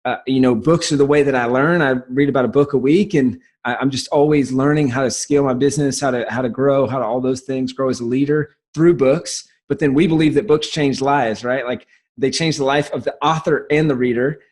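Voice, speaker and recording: A man with a light Southern US accent talks as a podcast guest, eager and quick, often restarting his sentences. His voice sits at an ordinary middle pitch. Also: fairly even intonation, darkish tone. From South Carolina. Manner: fast, enthusiastic storytelling with frequent restarts. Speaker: guest, business founder. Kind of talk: casual podcast interview.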